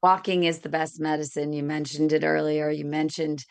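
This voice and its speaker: A woman's voice: low voice, level tone, moderate pace, vocal fry, darkish tone, clean tone, dry recording. A woman hosting an interview, asking long, chatty questions with a self-deprecating manner. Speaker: interview host.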